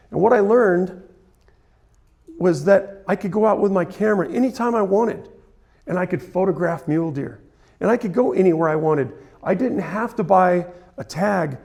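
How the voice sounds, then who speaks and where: A man's voice: sits high, creaky, darkish tone. A man in his forties, a photographer giving a conference talk, telling personal stories in an earnest, emotional way. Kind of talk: storytelling presentation. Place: conference hall.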